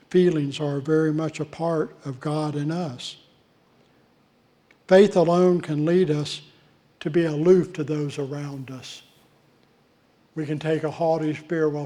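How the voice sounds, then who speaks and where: A male pastor preaching a sermon in a measured way, with deliberate pauses between phrases. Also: a little high, a little mellow. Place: church.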